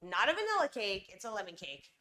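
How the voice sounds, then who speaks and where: A woman's voice: medium pitch, very animated, fast talker, bright, forceful tone. A young woman from California chatting casually and rambling to her viewers on a live stream while she bakes.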